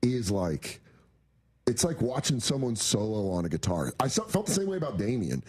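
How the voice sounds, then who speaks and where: A man, a comedian and actor, telling animated, laughing stories as a guest in a casual interview. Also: medium pitch, normal speed, slightly rough.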